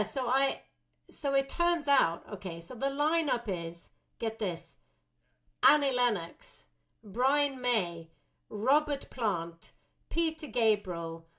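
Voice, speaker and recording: A woman being interviewed as a guest, telling a story with animation and acting out quotes. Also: fairly high pitch. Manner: animated, acts out quotes of herself and others.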